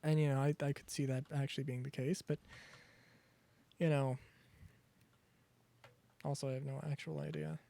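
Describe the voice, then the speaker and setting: A man's voice: mid-range voice, level tone, moderate pace, creaky, long pauses, mellow. A young man streaming a survival game, rambling through chatty asides and cutting himself off mid-thought. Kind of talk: casual gaming commentary.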